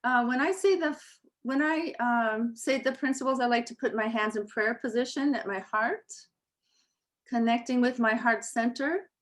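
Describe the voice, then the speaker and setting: A woman leading a Reiki meditation circle over a video call, talking gently and hesitantly with many fillers, then reciting principles slowly and calmly. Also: on the high side. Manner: slow, calm recitation.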